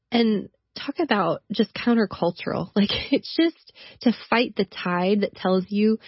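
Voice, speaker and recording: A woman's voice: lowish voice, no room sound, muffled recording. A woman speaking as a guest about her husband in an emotional, heartfelt way. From Canada. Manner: warm, emotional, quick bursts. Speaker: guest, wife. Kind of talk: conversational interview.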